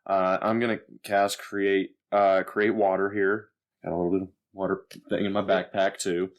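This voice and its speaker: Deep-voiced rambling male player. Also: little pitch movement, normal speed. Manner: rambling, hesitant, many fillers and restarts. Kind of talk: casual tabletop game play.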